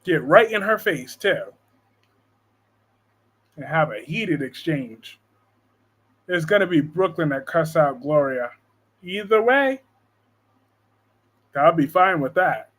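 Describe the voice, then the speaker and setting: A high-voiced man chatting casually on a live stream from home. He keeps things animated and joking, and reads viewer comments aloud as he goes. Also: slow pace, long pauses, husky. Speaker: live-stream host discussing soap operas.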